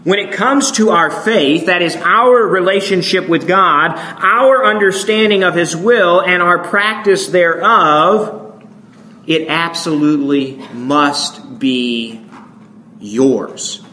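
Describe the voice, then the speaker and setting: The sermon comes from a man from the northern United States with a northern American accent, high-pitched and slow. He keeps it conversational and animated, repeatedly asking "right?", in roomy, poor-quality audio.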